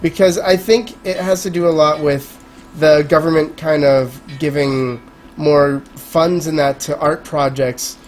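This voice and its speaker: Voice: medium pitch, fairly even intonation, a little slow, a little mellow. A Canadian co-host of a game show, chatting in an upbeat, reactive way about indie development. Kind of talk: casual interview chat.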